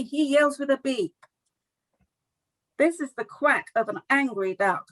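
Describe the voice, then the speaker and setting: High-voiced woman reading storybook aloud. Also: a little slow, low-quality recording. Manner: animated, expressive, friendly. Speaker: storytime session leader. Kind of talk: reading a picture book aloud to young children. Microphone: video call.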